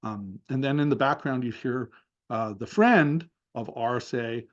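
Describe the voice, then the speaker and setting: A man's voice: medium pitch, unhurried, dull audio. A man giving a seminar talk over a video call, thoughtfully narrating a session step by step with many fillers. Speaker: seminar speaker.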